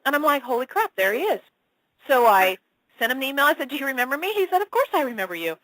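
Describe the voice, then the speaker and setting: A woman, a spiritual channel, telling her story as an interview guest with animated delivery, swearing casually and acting out the dialogue. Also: fast talker, no room sound, rough recording. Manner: expressive, casual swearing, acts out dialogue with big pitch swings.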